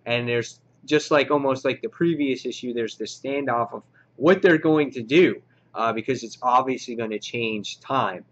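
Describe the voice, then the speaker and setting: A man's voice: mid-range voice, moderate pace, fairly bright tone, muffled recording. A man casually reviewing a comic book, enthusiastic and rambling with lots of filler words.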